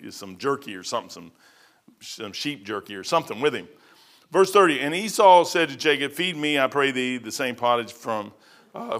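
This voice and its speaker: A man preaching a folksy sermon, telling stories and breaking into sudden loud bursts. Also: mid-range voice. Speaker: pastor.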